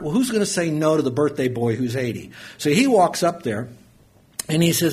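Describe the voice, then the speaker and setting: A middle-aged preacher tells his stories with a folksy warmth of delivery, his voice a touch husky and pitched a little high for a man. He leans into the big moments and drops low for the quiet ones, moving easily between anecdote and teaching. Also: a little fast. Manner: folksy, animated storyteller, swings from loud to soft. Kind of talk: sermon with storytelling.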